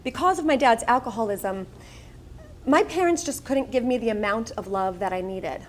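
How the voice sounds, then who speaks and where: A middle-aged woman with a Long Island accent tells her life story to an audience, candid and quick to poke fun at herself. Her voice sits a little high. Faint background noise lies under it. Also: expressive. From Long Island, New York. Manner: candid and self-mocking, with wry asides. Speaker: guest speaker at a charity breakfast. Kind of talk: personal storytelling speech. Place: event room, speaking to an audience.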